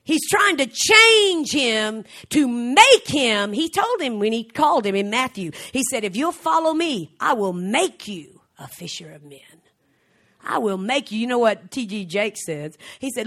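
A middle-aged woman preaching a fervent sermon, swinging from soft, slow passages to shouted exclamations and frequent laughter. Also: fairly high pitch, animated. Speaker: traveling preacher.

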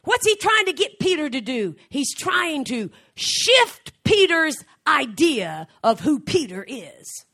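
A middle-aged woman preaching a fervent sermon, swinging from soft, slow passages to shouted exclamations and frequent laughter. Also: high voice, very animated, gravelly. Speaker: traveling preacher.

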